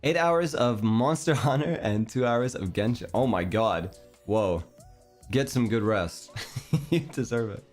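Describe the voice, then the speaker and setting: A man's voice: mid-range voice, animated, measured pace, a little mellow. A young man with a Canadian accent, chatting casually on a stream in a meandering, hesitant, self-deprecating way. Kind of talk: casual chat. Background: faint background music.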